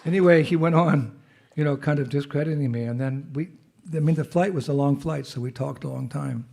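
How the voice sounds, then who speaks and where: A monk with a cold giving a humorous, conversational temple talk as guest speaker. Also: male voice, fairly high pitch, fairly quick, creaky, a little mellow. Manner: humorous storyteller, loose and conversational. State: has a cold. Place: temple hall.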